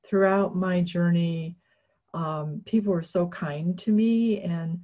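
A woman guest in an interview, telling a personal story in a casual, animated way with many fillers and restarts, often laughing. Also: fairly low pitch, slow. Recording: dull lo-fi recording.

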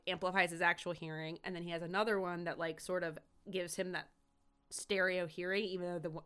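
A woman co-hosting a podcast retells a TV episode in casual chat, her medium-pitched voice clear and resonant. She's an animated storyteller who acts out the quotes.

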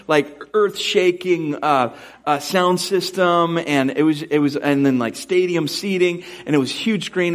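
Storytelling male pastor preaching. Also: fairly high pitch. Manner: storytelling, animated, self-deprecating humor. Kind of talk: sermon with personal story.

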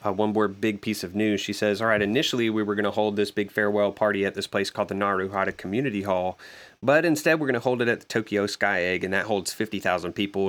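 Podcast co-host, male, low voice, relaxed recap style. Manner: relaxed, thoughtful recapping with fillers. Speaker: podcast co-host discussing a manga. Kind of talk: casual chat.

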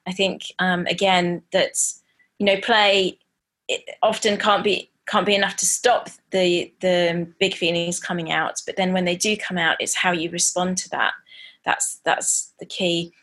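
A woman co-hosting a parenting podcast, speaking thoughtfully and haltingly, with many pauses and restarts. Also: lowish voice, little pitch movement, a bit bright. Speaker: podcast co-host. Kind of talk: casual parenting chat.

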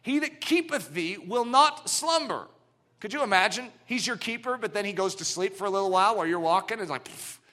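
A middle-aged man preaching a sermon, swinging from loud declarations down to hushed, low passages. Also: lively intonation, fairly quick.

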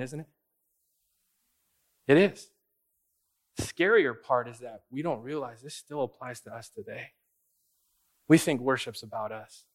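Animated man preaching a casual sermon. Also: fairly high pitch. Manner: conversational, acts out quoted voices, emphatic. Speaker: pastor.

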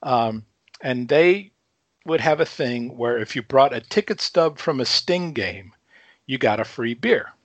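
On a casual talk show, a Chicago man in his fifties tells a story as a podcast guest, lively and energetic, swearing freely and chuckling between lines. His voice is mid-range and his pace measured. The recording is muffled, with no room sound.

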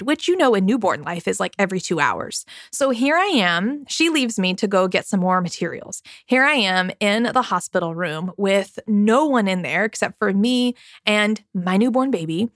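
A woman's voice: mid-range voice, lively intonation, normal speed, hardly any pauses, a bit bright, no echo. A woman in her thirties hosting a parenting podcast, telling a personal story in a candid, chatty, confiding way into a studio mic. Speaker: podcast host. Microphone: studio microphone.

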